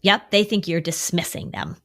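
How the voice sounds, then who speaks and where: Middle-aged female therapist, podcast co-host, animated teacher who acts out quotes. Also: lowish voice, moderate pace. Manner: animated, acts out quoted voices of worry and kids. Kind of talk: podcast conversation.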